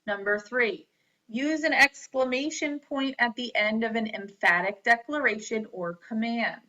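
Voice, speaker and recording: A teacher gives a slow classroom lecture on grammar, pausing after every item and spelling words letter by letter at a very unhurried pace. Her slightly high voice has a bright, crisp edge, and the recording is dull and lo-fi.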